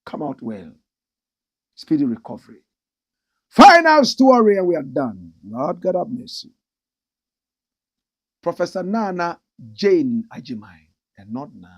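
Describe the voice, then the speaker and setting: A middle-aged Ghanaian man hosting an animated opinion commentary, impassioned and mimicking the people he talks about. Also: mid-range voice, husky. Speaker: commentary show host.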